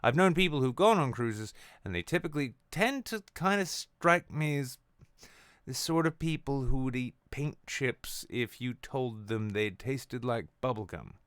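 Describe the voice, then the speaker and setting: Male late-night host, foul-mouthed and sarcastic, smooth clear voice, dry close sound. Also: mid-range voice, expressive, unhurried, fairly bright tone, no room sound. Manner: sarcastic, crude, swears constantly. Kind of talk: profane satirical news rant. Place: apartment. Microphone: on camera at home.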